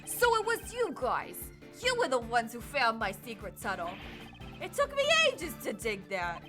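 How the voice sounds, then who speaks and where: A woman's voice: fairly high pitch, wildly swooping pitch, normal speed, over music. A woman putting on a brash mock-Brooklyn convict. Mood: sulky. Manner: brash, defiant, shouting. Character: tough gruff male prison escapee. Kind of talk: reading game dialogue aloud.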